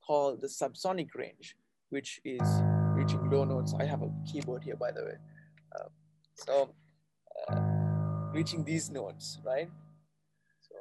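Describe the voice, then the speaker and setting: A man's voice: medium pitch, measured pace, pauses often, loud music behind the voice. A man teaching a live voice class, explaining patiently and often checking in with his students. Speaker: voice coach.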